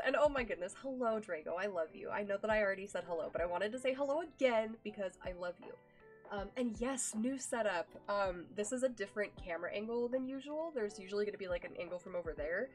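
A woman's voice: mid-range voice, a little fast, faint music behind. A young woman streaming live, chatting casually with her viewers in a gushing, affectionate way, full of ums and likes.

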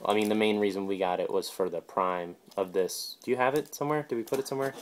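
A man hosting a casual card-opening video. He rattles off card names one after another in short, offhand bursts and adds quick comments between them. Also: lowish voice, slight background noise. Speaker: video host.

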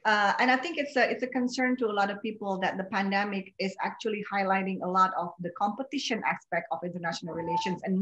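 A woman, a doctor and panel speaker, giving an unscripted webinar summary over a video call, halting with frequent fillers. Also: lowish voice, fairly bright tone. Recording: dull muffled video-call audio.

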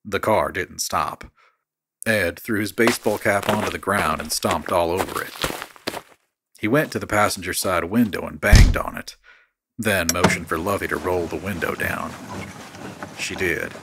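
Deep-voiced man narrating a horror story. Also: moderate pace, heavy background noise.

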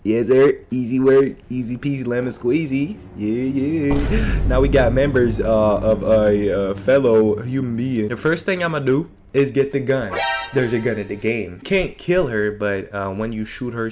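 A young man talks through a horror game in a middle-pitched voice, jumpy and joking, laughing nervously and talking to the game and his viewers. Faint music plays behind him. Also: a little slow. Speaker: gaming YouTuber. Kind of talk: horror let's play commentary.

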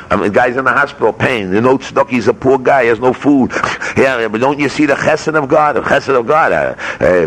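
A man's voice: mid-range voice, animated, moderate pace, fairly bright tone. A man, a rabbi teaching a Torah class at a yeshiva, speaking emphatically, firing rhetorical questions and mixing Hebrew terms into his English. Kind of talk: Torah lecture. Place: yeshiva study hall.

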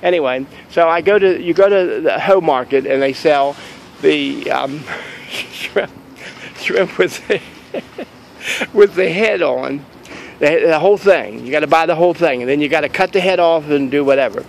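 A man's voice: fairly high pitch, measured pace, vocal fry, a little hiss or hum, low-quality recording. A man chatting casually to camera in a vlog outside a store, rambling and joking about deals. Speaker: vlogger.

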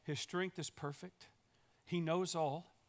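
A male pastor preaches a sermon in a church sanctuary, his fairly high voice pressing each point with emphatic repetition. He builds steadily toward rallying calls to the congregation. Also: steady tone, takes it slowly.

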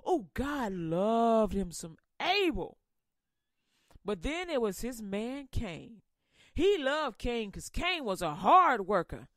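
A woman's voice: on the high side, sing-song, takes it slowly, fairly bright tone, no echo, studio quality. A woman podcast host retelling a Bible story comically, playful and preachy.

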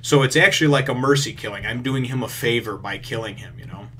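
A man hosting a manga review, recapping a chapter in a rambling way with lots of fillers and casual swearing, getting excited over the action. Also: mid-range voice, quick pace, slight background noise. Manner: gets excited retelling action.

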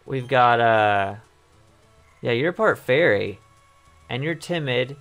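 Hoarse man rambling over gameplay. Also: mid-range voice, animated, slow pace, a bit bright, soft background music. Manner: rambling, thinks aloud, repeats words. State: losing his voice. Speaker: let's play host. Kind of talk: casual gameplay commentary.

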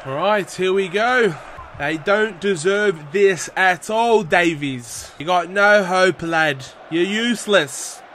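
A young man commentating his own football video game match, animated and slangy, shouting at the play. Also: sits high, measured pace. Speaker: gaming YouTuber.

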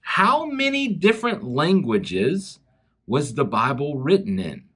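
A man with a Southern US accent, from South Carolina, giving a chapel talk to schoolchildren and telling a story in an animated way straight to the kids. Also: on the high side, takes it slowly, husky. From South Carolina, USA. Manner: animated storytelling, speaks directly to children.

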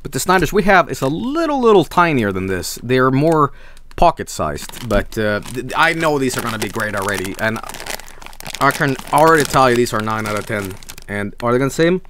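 A man's voice: medium pitch, very animated, moderate pace, a bit bright, slight background noise. A man from Sweden, hosting a casual snack review stream, enthusiastic and rambling, swearing freely. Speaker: streamer host.

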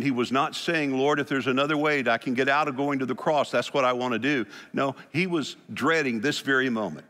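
A man preaching an earnest sermon as pastor, with pauses and restarts. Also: medium pitch, a bit bright, big-room sound.

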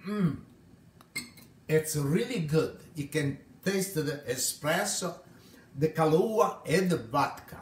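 An Italian man with a fairly high voice hosts a live cooking stream from his home kitchen. He chats and tells stories in cheerful broken English. The room around him has a noticeable echo. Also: expressive, slow, slight background noise. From Italy. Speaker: home cook host.

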